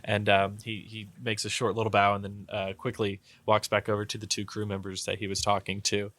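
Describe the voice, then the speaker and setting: A man's voice: on the low side, monotone, brisk, a bit bright, no room sound. A man narrating as game master in a loose, rambling way. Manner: loose, rambling, many fillers and restarts.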